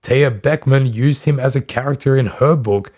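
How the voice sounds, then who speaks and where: A man's voice: medium pitch, normal speed, darkish tone. A man hosting a history podcast, reading a scripted narration and dropping in wry, dry asides. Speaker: podcast host.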